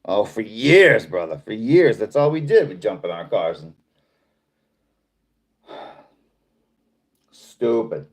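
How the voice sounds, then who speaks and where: A man's voice: lowish voice, sing-song, slow pace, long pauses. Laid-back Boston man chatting on a livestream. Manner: rambling, laid-back, reads viewer comments aloud. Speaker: livestream host. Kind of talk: casual livestream chat reading comments.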